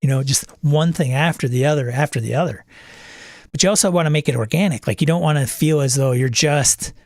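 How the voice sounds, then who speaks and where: A man with a slightly high voice chats casually about running tabletop games. He jumps into quick acted lines for his players as he tells stories. The sound is dry and close. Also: no room sound. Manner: animated storyteller who acts out players' quips. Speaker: game master and podcast host.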